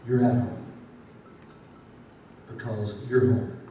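A man in his forties, a former pastor, speaking to an audience in a rhythmic preaching cadence that swings from loud to hushed. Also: fairly low pitch, flat delivery, slow. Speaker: former pastor giving a talk. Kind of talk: preacher-style speech to an audience. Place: large hall with a live audience. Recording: echoey hall from far off, faint noise.

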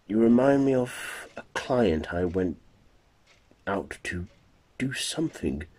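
A man voicing a polite young gentleman, earnest and slightly raised in pitch. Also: animated, takes it slowly. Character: polite young male suitor, puzzled.

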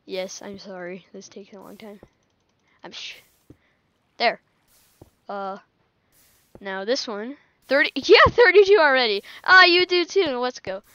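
A woman's voice: on the high side, animated, measured pace, long pauses, pushed and bright, dry recording, highs cut off. A woman giving casual gameplay commentary, chatting to herself and laughing often as she plays. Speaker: gaming channel host.

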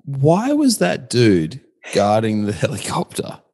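A man hosting an interview, asking relaxed questions and joking along. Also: mid-range voice, slow pace, husky. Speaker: host.

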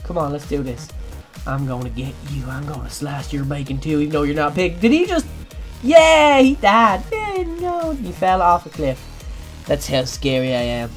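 A young woman giving jokey, excitable let's play commentary, breaking into sudden loud yelps. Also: deep voice, fairly quick, soft background music. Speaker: gaming channel host.

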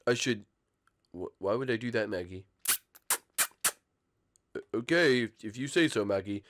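A man's voice: on the low side, animated, measured pace, noisy background, pitched below the performer's own voice. A man voicing a panicky, mischievous ten-year-old cartoon boy in a fan role-play over gameplay, whiny and stammering. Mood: fretful. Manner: whiny and frantic, wailing and stammering.

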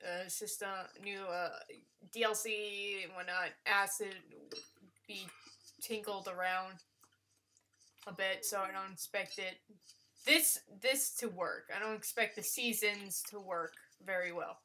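A woman giving live gameplay commentary, excitable and gushing, with frequent exclamations and casual swearing. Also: medium pitch, unhurried, a little hiss or hum. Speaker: let's player.

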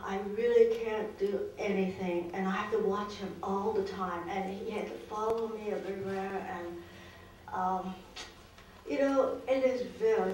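A weary, frustrated wife worn down by caring for her husband, as a woman role-plays her in a counseling demonstration. She talks slowly and rambles. The sound is distant and very echoey, with faint room noise. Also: mid-range voice, darkish tone, lightly acted. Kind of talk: role-played counseling client.

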